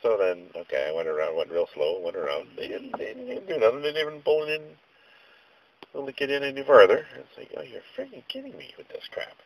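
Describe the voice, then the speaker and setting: A man's voice: fairly low pitch, fast, a little hiss or hum, poor audio. A man vlogging a casual rant, telling stories in a rambling, exasperated way with mild slang.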